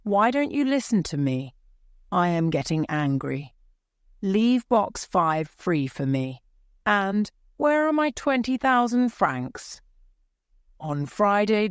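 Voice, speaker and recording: A woman's voice: low-pitched, clean tone, no echo, studio quality, exaggerated voice. Woman reading as a demanding, menacing opera ghost. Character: threatening male opera ghost writing letters.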